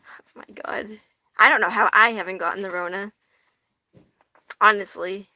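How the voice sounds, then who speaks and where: A woman's voice: mid-range voice, fairly even intonation, moderate pace, long pauses, bright, forceful tone, no room sound. A young woman from the US hosting a casual livestream, chatting with viewers, swearing freely and laughing often. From United States. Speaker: tarot livestream host. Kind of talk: casual livestream chat reading viewer comments.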